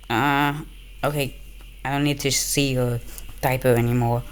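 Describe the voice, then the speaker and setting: A woman doing a silly comedic voice-over dub of an old cartoon, with deadpan asides. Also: very deep voice, a little slow, long pauses.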